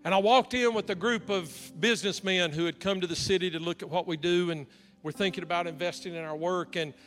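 Male pastor, high bright voice, animated storytelling sermon in a reverberant church hall with faint music. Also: brisk. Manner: animated storyteller, acting out dialogue.

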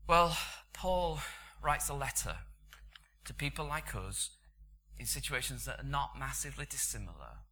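A man's voice: medium pitch, lively intonation, moderate pace, pushed and bright. A middle-aged British man giving a sermon in a conversational, storytelling way. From Britain. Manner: conversational storytelling, chuckling asides. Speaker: preacher.

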